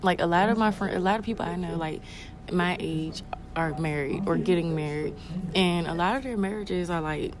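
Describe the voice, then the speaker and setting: A woman's voice: on the low side, moderate pace. Woman host, reactive and playful in casual chat, crowd noise in the background. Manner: chatty, reactive and playful with slang.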